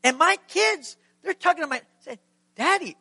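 A middle-aged male pastor delivering a sermon with a high, bright and ringing voice. He tells a story emphatically and keeps asking his listeners questions. The sound is dry and close, with no room around it. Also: expressive, moderate pace, vocal fry, no echo.

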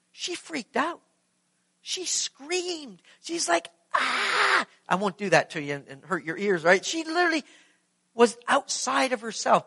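A man preaching a sermon, animated and acting out the story as he goes. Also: high-pitched. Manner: animated, acts out the scene. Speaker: pastor.

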